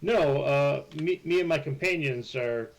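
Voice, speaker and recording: A man voicing an earnest male minotaur-like construct adventurer, speaking hesitantly with many pauses. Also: a little high, rough recording. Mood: polite. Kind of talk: live-streamed tabletop role-play.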